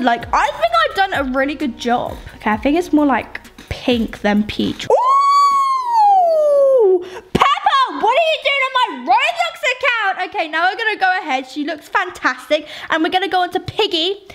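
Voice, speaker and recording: Very high, lively woman gamer. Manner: excitable, playful running chatter. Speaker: gaming YouTuber. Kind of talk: Roblox gameplay commentary.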